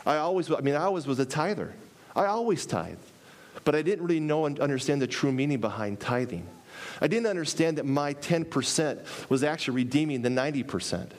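A man preaching a sermon, animated, repeating phrases for emphasis and acting out little dialogues. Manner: animated, acts out dialogue with pitch jumps.

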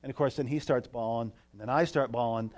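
A man preaching a sermon in a church, telling a story with lively asides to the congregation. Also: mid-range voice, fast talker. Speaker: pastor.

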